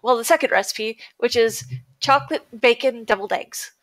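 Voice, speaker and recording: High-voiced giggly woman host. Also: moderate pace, fairly bright tone. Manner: giggly, cheering. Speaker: podcast host. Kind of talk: casual livestream chat.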